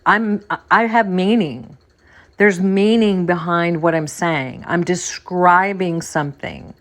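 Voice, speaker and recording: A woman's voice: lowish voice, steady tone, slow pace. A woman hosting a podcast, talking casually in a rambling monologue and repeating phrases for emphasis. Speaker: podcast host.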